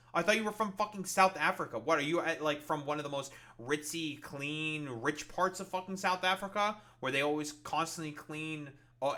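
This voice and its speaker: A man's voice: on the high side, pushed and bright. A man reacting to a video in profane, sarcastic, exasperated commentary. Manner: sarcastic, exasperated, swears constantly. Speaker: commentary streamer.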